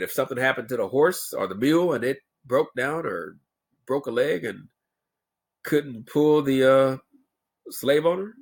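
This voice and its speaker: A man's voice: mid-range voice, creaky, husky. A man delivering a blunt, emphatic opinion rant as a vlogger, lecturing his viewers.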